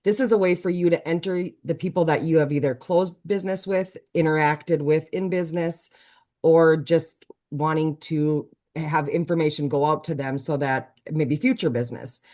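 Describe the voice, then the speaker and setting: A woman with a low voice explains a tool on a webinar, rambling and hesitating with plenty of "like"s. She comes through a video call. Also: fairly even intonation, moderate pace, a little mellow. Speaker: team member co-presenter. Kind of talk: webinar discussion.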